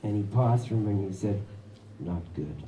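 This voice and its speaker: A man with a fairly low voice tells a personal anecdote to a live audience, wry and chuckling, speaking rapid-fire. He is far from the mic, his voice echoing around a shop over steady background noise.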